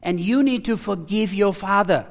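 A man voicing his gentle, devout foster mother, speaking in a calm, earnest and pleading way. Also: high-pitched, normal speed. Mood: gently urging.

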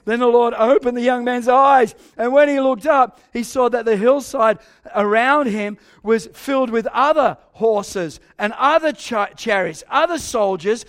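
Brief: older male preacher, high-pitched, lively sermon storyteller. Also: normal speed. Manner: animated storytelling, swinging between soft asides and loud exclaims.

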